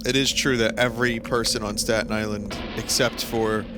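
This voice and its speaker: New York streamer rambling over loud game music. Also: male voice, on the low side, little pitch movement, moderate pace. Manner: rambling, profane storytelling with many restarts. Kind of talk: casual gameplay commentary.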